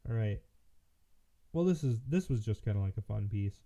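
Man from michigan, tired, rambling talk full of fillers, very dark mellow voice, dull lo-fi sound. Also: fairly low pitch, lively intonation, normal speed. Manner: rambling, hesitant, many fillers and restarts. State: tired, yawning. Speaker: political commentary host. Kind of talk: casual solo commentary. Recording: muffled lo-fi audio.

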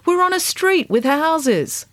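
A woman voicing a dry-witted, joking mother in a read-aloud story, with deadpan, playfully absurd reasoning. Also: extremely high pitch, takes it slowly, dry recording, pitched above the performer's own voice, heavily acted. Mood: wry.

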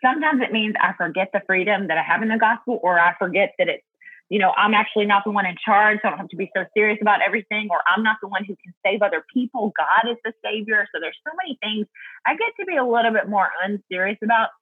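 A woman's voice: medium pitch, quick pace, breathy edge, dry recording, narrow, tinny audio. A woman guest talking earnestly and thoughtfully about Bible study in a casual faith chat, laughing easily.

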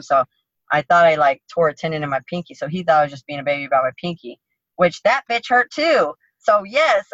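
A woman guest in an interview, telling a story casually in a blunt, profane, animated way. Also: deep voice, no echo, muffled recording. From United States. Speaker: interview guest, MMA fighter.

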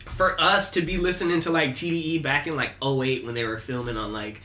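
Man, bright lively tone, echoey room, rambling casual chat, laughs a lot. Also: mid-range voice, a little fast, a little hiss or hum. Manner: enthusiastic, rambling, laughs often. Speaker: podcast co-host.

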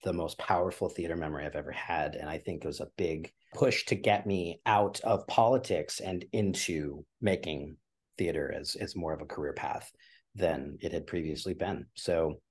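Husky, earnest man, low-voiced guest. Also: normal speed. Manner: emotional, choked up, earnest and animated. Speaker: podcast guest, theater producer. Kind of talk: conversational interview.

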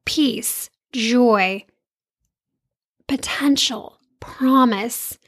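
Upbeat woman in her 30s coaching confidence, kinda high voice, chatty and excited. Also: drawn-out words, breathy edge. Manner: bubbly, enthusiastic, playful slang. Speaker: podcast host and confidence coach. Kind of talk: casual motivational talk.

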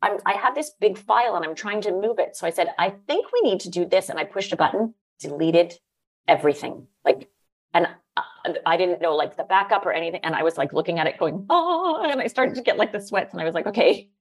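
A middle-aged woman telling lively anecdotes in a casual interview, using "like" a lot and laughing often. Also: on the low side, fast. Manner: animated, lots of "like", laughs often. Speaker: guest, former magazine editor.

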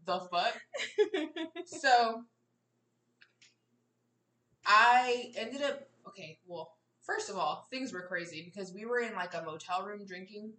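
Bright, blunt young woman storyteller for a podcast; roomy, slightly distant sound. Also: lowish voice. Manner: candid, profane, laughing storyteller. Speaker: podcast co-host. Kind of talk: casual storytelling chat.

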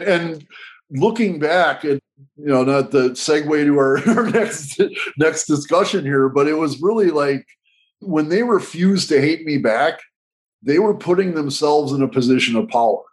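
A man's voice: a little high, animated, measured pace, low-quality recording. A man speaking as a guest, earnest and candid, telling a personal story with frequent restarts and repetitions. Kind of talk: reflective storytelling.

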